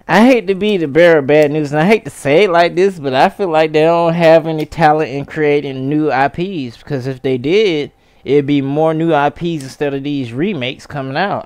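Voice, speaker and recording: A gaming vlogger talking casually and animatedly, with slangy phrasing, swearing and sudden high-pitched exclamations. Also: a little mellow, smooth, dry recording. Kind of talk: casual ranting commentary.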